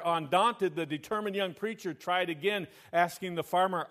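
A preaching man, fairly high voice. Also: normal speed, few pauses, fairly bright tone. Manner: calls out "Amen?" to the congregation. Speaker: pastor. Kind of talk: sermon.

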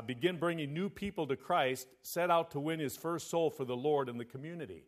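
Brief: male preacher, sermon delivery, somewhat high voice, call-and-response. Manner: calls out "Amen?" to the congregation. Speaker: pastor.

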